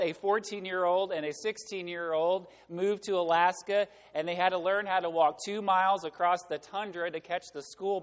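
A man preaching a sermon as pastor, talking conversationally and asking the congregation rhetorical questions. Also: high voice. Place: church sanctuary. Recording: long hall reverb.

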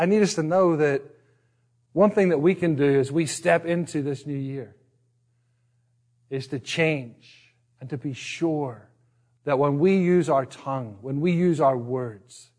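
Middle-aged Northern Irish pastor, conversational. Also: male voice, a little high. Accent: Northern Irish, partly Americanized. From Northern Ireland. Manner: conversational, self-deprecating, with frequent restarts. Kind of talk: sermon.

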